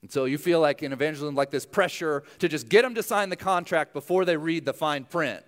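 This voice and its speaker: A man's voice: a little high, fairly quick. A young adult male pastor preaching a sermon in a conversational, self-deprecating way, full of asides.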